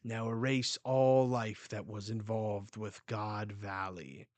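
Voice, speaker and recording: A man's voice: fairly low pitch, steady tone, takes it slowly, darkish tone, no room sound. A man reading the lines of a cold, godlike male ruler who speaks in formal old-fashioned language, from a manga. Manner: formal old-fashioned speech read aloud.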